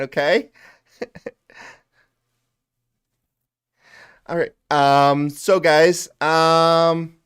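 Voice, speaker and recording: A man voicing a weepy, oversensitive young streamer in a whiny, high falsetto as a mocking parody. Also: vocal fry, close to an everyday voice. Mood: fake cheerful.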